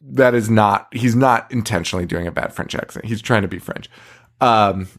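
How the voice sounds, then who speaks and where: A man's voice: lowish voice, moderate pace. A man co-hosting a podcast, recapping a movie in casual chat, sarcastic and profane with frequent laughter. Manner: sarcastic, swears a lot, laughs often. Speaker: podcast co-host.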